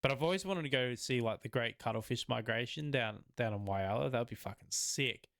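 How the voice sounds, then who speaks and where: Aussie bloke on a podcast, giggly and rambly, mid voice, dead dry sound. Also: male voice, mid-range voice, a little fast, fairly bright tone, no echo. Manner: laughs often, rambling with many fillers. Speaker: podcast co-host. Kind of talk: casual chat.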